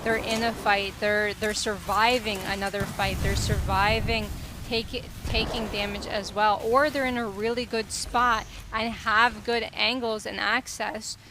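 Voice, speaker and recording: A woman doing live esports play-by-play commentary, making quick, descriptive game calls. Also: mid-range voice, steady tone, background noise. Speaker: esports caster.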